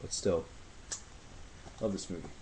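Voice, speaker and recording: A man talking casually in a review video, rambling and gushing excitedly, a little out of breath. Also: low voice, unhurried, a little hiss or hum, low-quality recording. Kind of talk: casual movie review vlog.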